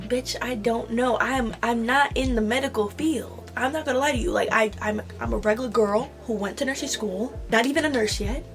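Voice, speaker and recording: A young woman telling an animated storytime about nursing school, swearing and acting out the dialogue. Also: sits high, moderate pace, faint music behind. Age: young adult. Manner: animated retelling, swearing, slang-heavy. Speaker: vlogger. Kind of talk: storytime vlog.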